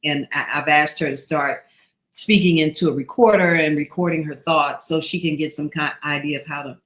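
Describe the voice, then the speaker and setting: A woman's voice: low-pitched, fairly even intonation, moderate pace. A woman hosting a casual live talk with her grown daughter. She reads out viewer messages and speaks in an earnest, affirming way, often trailing off mid-sentence. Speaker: host, mother of guest.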